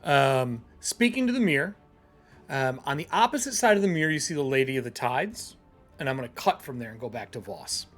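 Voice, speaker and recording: A man's voice: mid-range voice, lively intonation, a little fast, a bit bright, faint music behind. A man running a tabletop game as game master, narrating casually, swearing freely and laughing as he talks.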